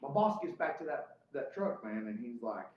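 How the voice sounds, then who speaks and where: A man's voice: medium pitch, very animated, moderate pace, darkish tone. A man telling a heated, profane story as a guest in casual podcast chat. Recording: roomy, slightly dull podcast audio.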